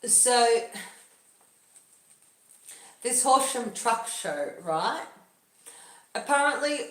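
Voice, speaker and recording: A woman's voice: medium pitch, echoey room. A woman talking through a casual livestream monologue in a musing, loosely paced way. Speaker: livestream host.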